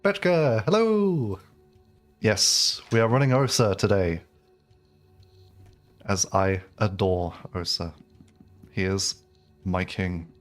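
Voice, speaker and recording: English male streamer, lowish voice, rambling chatty delivery, faint game music underneath. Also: steady tone, slow, pauses often, a bit bright. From England. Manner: rambling, chatty, many fillers and restarts. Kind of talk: casual live-stream chat.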